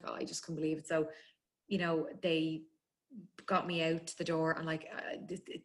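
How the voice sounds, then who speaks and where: With a low, monotone voice, an Irish woman talks freely as a guest. She recounts a personal story with feeling, chatting easily and laughing frequently.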